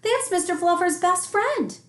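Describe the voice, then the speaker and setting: Woman putting on a high-pitched dramatic little boy, pleading, drawn out, echoey room. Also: animated, unhurried. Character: whiny, dramatic young boy who loves his toys.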